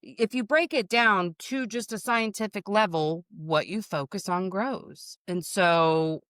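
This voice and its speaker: Woman guest, blunt and sweary, clean smooth voice, dry sound, calls ppl honey. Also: mid-range voice, unhurried, a bit bright, no room sound. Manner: frank, swears freely, calls people honey. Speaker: podcast guest, author. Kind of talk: casual chat.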